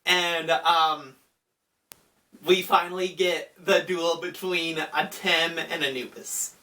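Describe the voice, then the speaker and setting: A man's voice: on the high side, fairly even intonation, slow pace, sharp tone, distant mic. A man casually recapping an anime movie, chatty with fillers like "uh" and "like". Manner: chatty, with frequent fillers and laughs. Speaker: anime commentator.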